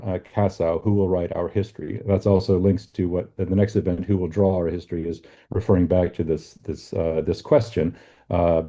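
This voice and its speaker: Dark, halting low-voiced male lecturer. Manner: halting, many fillers and repeated words. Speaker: author giving a book talk. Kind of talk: academic lecture with slides.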